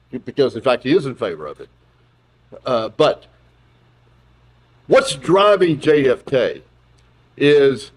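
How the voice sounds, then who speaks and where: Man, philosophy professor, public lecture, auditorium, animated, joking, lively pitch. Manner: animated, joking, with frequent restarts.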